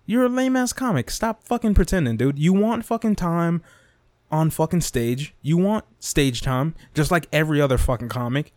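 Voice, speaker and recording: A man's voice: fairly high pitch, animated, normal speed, darkish tone, no echo. A man hosting his podcast, ranting with heavy swearing and tagging lines with "dude" and "okay?", recorded close on a mic without a pop filter. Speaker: podcast host. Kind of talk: profane comedic rant. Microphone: close desk mic without pop filter.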